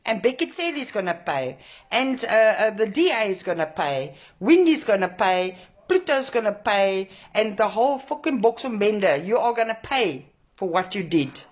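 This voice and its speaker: A woman's voice: medium pitch, sing-song, moderate pace. Furious woman ranting. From South Africa. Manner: furious, swearing, emphatic repetition. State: emotionally shaken. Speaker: protest organiser. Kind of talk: angry direct-to-camera rant.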